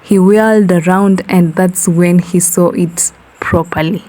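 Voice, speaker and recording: A woman narrating a comic horror story in an unhurried way, dropping in slang asides. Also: fairly low pitch, steady tone, dark tone, rough recording.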